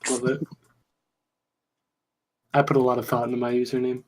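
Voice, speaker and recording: A man's voice: medium pitch, completely flat delivery, normal speed. A man chatting as a guest on a casual podcast, telling stories about his girlfriend.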